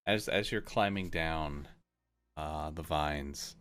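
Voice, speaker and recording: A man's voice: extremely low pitch, takes it slowly, fairly bright tone, clear, resonant tone, faint music behind. A man acting as game master, narrating a tabletop game in a rambling way with many fillers and restarts.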